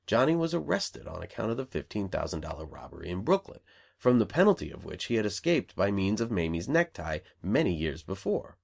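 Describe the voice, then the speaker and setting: A man's voice: sits low, gravelly, a little mellow. A man narrating an audiobook, reading the dialogue of the characters in a lightly varied voice.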